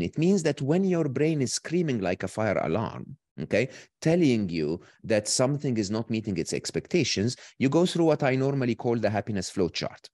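Lively man explaining, dry sound. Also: fairly low pitch, no echo. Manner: animated, often says "okay?" and "right?" to the listener. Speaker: guest speaker. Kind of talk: explaining ideas in an online talk.

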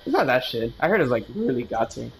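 A man's voice: medium pitch, sing-song, quick pace, gravelly, crowd noise, rough recording. A young man in casual, profane chat with friends while playing a shooter game, joking and calling out where the enemies are over a headset. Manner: joking, profane, calls out enemy positions. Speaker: gamer calling out plays.

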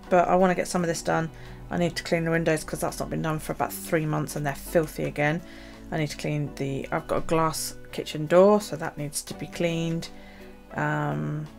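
A woman chatting casually about her journal and her chores, rambling with many pauses and ums. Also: deep voice, creaky. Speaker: journaling vlogger. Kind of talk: casual chat.

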